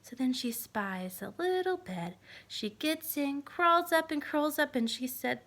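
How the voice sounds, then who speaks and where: A woman telling a children's fairy tale aloud with an animated delivery, sometimes dropping to a whisper. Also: high voice, a little slow, hardly any pauses. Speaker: storyteller. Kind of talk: reading a children's story aloud.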